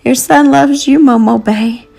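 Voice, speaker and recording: A loyal young boy soldier from a storybook, soft and earnest, as a woman gives him voice. The tone rides higher than her narration. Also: a little slow, soft background music. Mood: tender.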